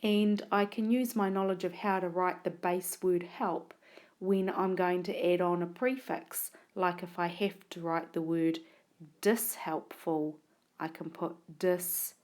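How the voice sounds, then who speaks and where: Casting: woman teacher, lowish voice, unhurried, spells out sounds one by one for young learners. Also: steady tone, a little mellow. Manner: sounds out words and letters slowly and deliberately. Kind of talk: narrated whiteboard spelling lesson. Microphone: tablet recording.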